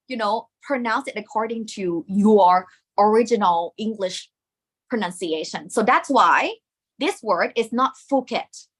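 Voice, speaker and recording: A woman with a Thai accent teaching a live online lesson, lively and encouraging, dropping Thai particles into her English. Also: fairly high pitch.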